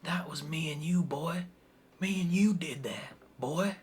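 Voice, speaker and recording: A shady, selfish father drawls in a put-on accent, as a man mocks him in a reaction video. The voice sits noticeably higher than the speaker's own and leans on each word with sly insistence. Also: unhurried, a little hiss or hum, lightly acted. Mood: wheedling. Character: shady scheming middle-aged father, drawling "boy".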